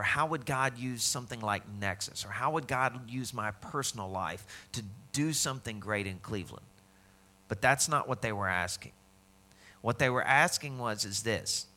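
A man preaching a sermon in a bright, forceful voice. His delivery is conversational, and he slips into the voices of the people he quotes. He sounds like a pastor speaking to his congregation. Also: medium pitch.

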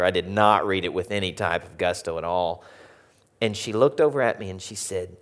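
A man with an Arkansas Southern accent telling a humorous story to an audience, animated and jokey, swinging from loud to hushed. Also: sits low, normal speed. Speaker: speaker.

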